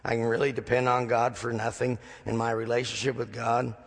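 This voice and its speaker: A male pastor delivers a sermon in a gravelly, slightly husky voice. He tells stories with dry humor, slipping into the voices of the people in them. His words echo with the long reverb of a large sanctuary. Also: mid-range voice, flat delivery, a little fast. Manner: storytelling with dry humor, acting out dialogue.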